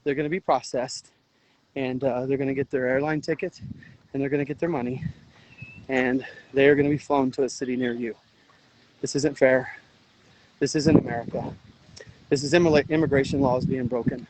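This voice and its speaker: A man's voice: medium pitch, steady tone, normal speed, long pauses, a little mellow, slight background noise, rough recording. An exhausted man livestreaming outdoors by a river, talking in an urgent, earnest, rambling way with restarts. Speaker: livestream host, veteran volunteer. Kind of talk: emotional outdoor livestream commentary. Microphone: phone livestream.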